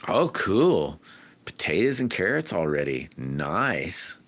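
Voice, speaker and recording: A man hosting a casual livestream, chatting to viewers and greeting them by name in a rambling, friendly way, sometimes whooping loudly. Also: deep voice, very animated, slow. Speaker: livestream host. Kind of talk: casual livestream chat reading viewer comments.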